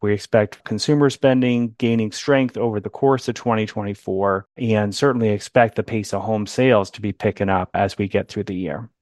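A man, an economist, giving a calm explanation in an interview clip. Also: fairly low pitch, normal speed, few pauses, no echo, clean studio sound.

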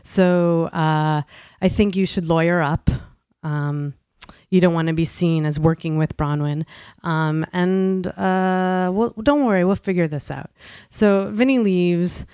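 A woman's voice: lowish voice, slow, mellow, clear, resonant tone, no room sound. A woman from New York telling a personal story in the first person, chatty and full of fillers, often laughing at herself.

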